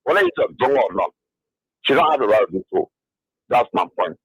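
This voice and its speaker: Liberian man, radio caller, insistent, husky, very lively pitch. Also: a little fast, no echo, rough recording. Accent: Liberian English. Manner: insistent, repeats his point. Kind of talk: call-in radio opinion.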